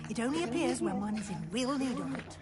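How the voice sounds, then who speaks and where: An actress playing a brisk, kindly female professor in a video game, explaining things in an instructive way. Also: fairly high pitch, expressive, natural voice. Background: loud game music.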